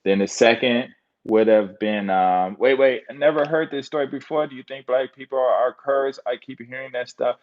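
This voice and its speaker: A US man speaks at a moderate pace in a medium-pitched, steady voice. His monologue rambles, packed with fillers and loosely connected ideas, on a dull lo-fi recording.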